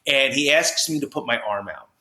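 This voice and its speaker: A man from New Jersey, a podcast guest, telling his story with high energy, lots of restarts and "you know"s. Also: normal speed, sharp tone. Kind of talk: animated storytelling in conversation. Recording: roomy echo.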